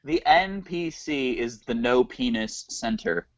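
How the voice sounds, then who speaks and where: A man's voice: medium pitch, expressive, takes it slowly, dry recording. A man doing improv comedy banter, playful and laughing often. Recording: dry lo-fi recording.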